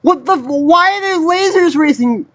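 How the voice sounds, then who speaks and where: An anime reaction host giving casual commentary, swearing constantly and rambling in incredulous outbursts. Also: very high voice. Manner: excited, rapid rambling. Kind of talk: casual reaction commentary, reading subtitles aloud.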